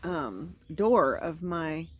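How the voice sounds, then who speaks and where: A woman's voice: low-pitched, lively intonation, drawn-out words. A woman vlogging from inside a screen tent at a campground, telling her story in a chatty, self-encouraging way. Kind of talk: casual chat.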